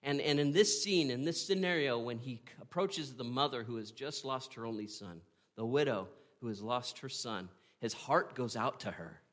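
A man preaching a sermon, retelling a story with earnest drama, pausing and asking "right?". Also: mid-range voice, a bit bright. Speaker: pastor.

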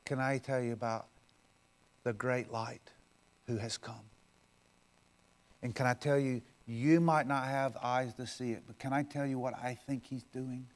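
A man pastor preaching a sermon, swinging from loud, forceful declarations down to a soft, intimate appeal. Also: medium pitch, fairly even intonation, a little slow, pauses often. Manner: preaches with loud swells, then drops to soft, close talk.

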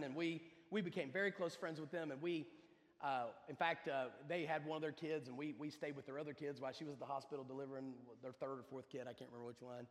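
A pastor in his forties preaching a sermon, moving from a relaxed storytelling tone into loud, emphatic preaching. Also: a little high, in a large hall.

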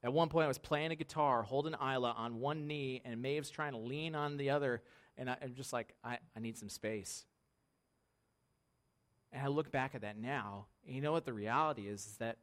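A man in his thirties preaching a conversational sermon in a church, lively and laughing, often asking the congregation "right?". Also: mid-range voice, brisk. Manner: conversational, animated, laughing, many tag questions. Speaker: pastor. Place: church sanctuary.

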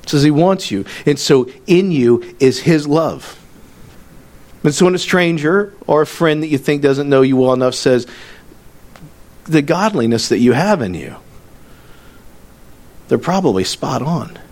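A man's voice: on the high side, normal speed, a little mellow. A man preaching a sermon as a pastor, telling a story in an earnest, conversational way with frequent restarts.

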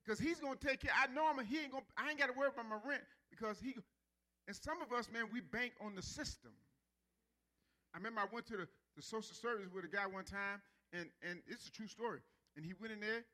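Male pastor, high bright voice, sermon that builds to emphatic stretched-out words. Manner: preaching with rising intensity, drawn-out emphasis.

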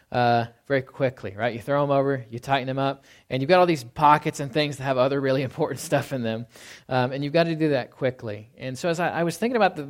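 A male pastor delivering a relaxed, conversational sermon. He speaks at a middle pitch, filling pauses with ums and tossing in "right?" to check in with his listeners. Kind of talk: casual sermon with object lessons.

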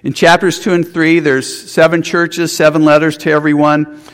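A man's voice: fairly high pitch, flat delivery, normal speed, a bit bright, clean tone, big-room sound. A man preaching a sermon, earnest, with restarts and rhetorical questions. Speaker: pastor.

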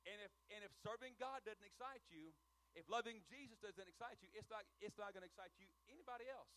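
A middle-aged preacher with a Southern American accent and a high voice delivers a sermon in church. He tells homespun stories in a hushed tone, then builds to loud calls for his congregation to shout and praise. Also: lively intonation, fairly quick, poor audio. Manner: rousing call-and-response, swings from hushed to shouting.

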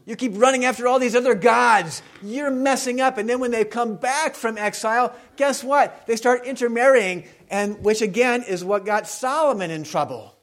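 A man pastor preaching a sermon in a conversational way, asking his congregation questions and moving between loud emphasis and quiet reflection. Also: very high-pitched, moderate pace, hardly any pauses.

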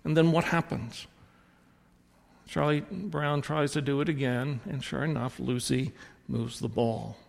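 This time the Southern-accented pastor sounds gravelly and mid-range, with fairly even intonation and an unhurried pace. He preaches by rambling through stories, repeatedly correcting himself and starting over, and long hall reverb fills the recording.

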